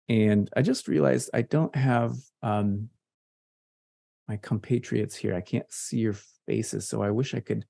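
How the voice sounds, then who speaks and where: Playful Midwestern man, mellow voice. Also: medium pitch, creaky. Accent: Midwestern American. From Michigan, US Midwest. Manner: playful, nerdy asides, chatty and relaxed. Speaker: presenter at an online meetup. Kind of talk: casual screen-share tutorial. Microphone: computer mic on a video call.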